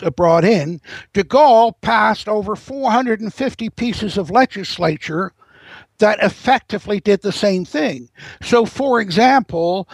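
A man with a high, gravelly voice talks as a guest in an interview, winding through long explanations and often restarting his sentences. The sound is close and dry. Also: no room sound, rough recording. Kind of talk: interview commentary.

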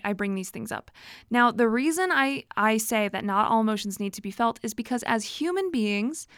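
A woman hosts a casual solo podcast in a fairly high voice, chatty and reflective, laughing often and using plenty of fillers. The recording is dry and studio quality.

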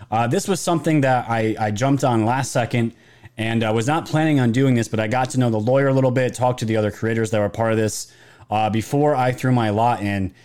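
A man's voice: medium pitch, darkish tone. A man hosting a live commentary stream, talking casually to his viewers and rambling with frequent restarts. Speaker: political commentary channel host.

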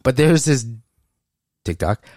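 A man co-hosting a podcast in casual chat, animated, with his voice jumping high whenever he quotes someone. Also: slow pace, no room sound, clean studio sound. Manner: animated, jumps high when quoting people. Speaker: podcast co-host.

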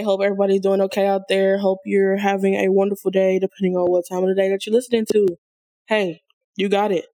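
A woman's voice: medium pitch, a little mellow, dry recording, clean studio sound. A young woman hosting a podcast in a casual, upbeat and encouraging way, hyping up her listeners. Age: young adult. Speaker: podcast host.

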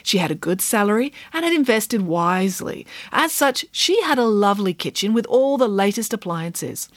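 Woman narrator, animated pitch, playful audiobook reading, dry studio sound. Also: moderate pace, no room sound. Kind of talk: scripted narration.

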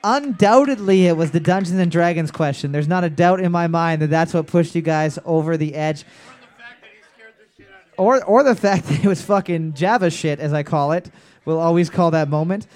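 Loud, joking quizmaster with a bright high voice, working a bar crowd. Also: male voice, normal speed. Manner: brash, swearing, joking, bellowing calls. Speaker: trivia quizmaster. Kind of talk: live pub trivia hosting.

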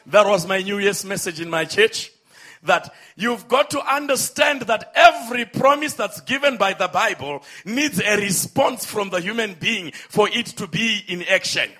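A man preaching a sermon, with emphatic, drawn-out phrases, calling on the congregation to respond. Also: high voice, bright, forceful tone.

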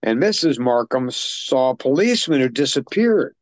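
Male podcast co-host, mid-pitched, chatty plot recap, loose and rambling, dry close mic. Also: very animated, normal speed, no room sound. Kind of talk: casual film discussion.

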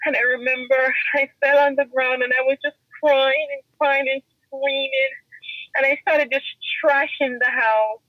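A woman's voice: high-pitched, no echo, dull audio. A woman guest giving an earnest, emotional personal testimony in an interview. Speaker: podcast guest.

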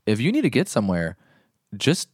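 A man co-hosting a casual podcast, quick with a joke and happy to swear. His voice is on the low side but very animated, swooping through a wide range. The sound is dry and close. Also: no echo. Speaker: podcast co-host. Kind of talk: casual travel chat.

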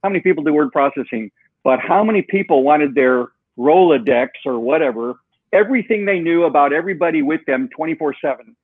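A man tells a long story in an interview, acting out the voices of the people he quotes. His voice sits a little high. The sound is thin and tinny, as over a phone line, with no room echo. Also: fairly quick, husky. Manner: animated storyteller, acts out quoted dialogue. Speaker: guest, software co-founder.

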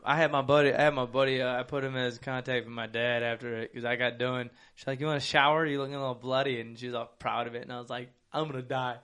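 A man's voice: medium pitch, steady tone, fast, hardly any pauses, fairly bright tone, clear, resonant tone. A young man telling crude, profane stories in casual chat with friends, laughing often. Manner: rowdy, profane, laughing storyteller.

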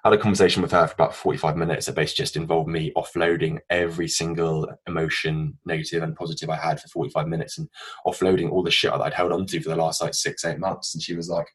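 A man's voice: rumbling low, little pitch movement, quick pace, husky. A young man co-hosting a podcast, telling a candid personal story in an earnest, open way and swearing freely. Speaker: podcast co-host.

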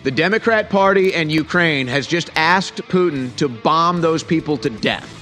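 A man's voice: fairly high pitch, expressive, moderate pace, a bit bright, soft background music. A middle-aged man hosting a heated political commentary show, sarcastic and full of rhetorical questions.

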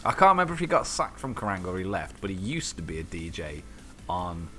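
A man in casual chat as a podcast co-host, telling stories in an animated way, swearing freely and acting out the voices of people he quotes. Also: low voice, fairly quick, soft background music.

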